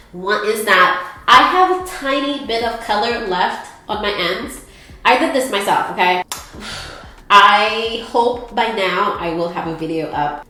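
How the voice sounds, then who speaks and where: A woman's voice: medium pitch, bright, forceful tone. A young woman with a congested, stuffy voice, chatting playfully with her viewers in a casual hair tutorial. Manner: playful, sassy asides to viewers. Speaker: hair vlogger.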